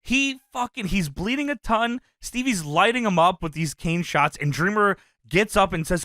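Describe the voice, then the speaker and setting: Excitable high-voiced man, podcast co-host. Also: normal speed, few pauses, no room sound, studio quality. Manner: excitable, laughs often, swears freely. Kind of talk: casual chat.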